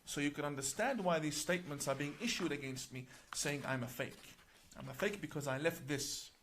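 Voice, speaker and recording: A middle-aged male imam with a somewhat raised speaking pitch explains a religious book to camera. He talks in a deliberate, emphatic way and slows down to stress key words. He also recites passages in Arabic. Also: fairly bright tone, a little hiss or hum.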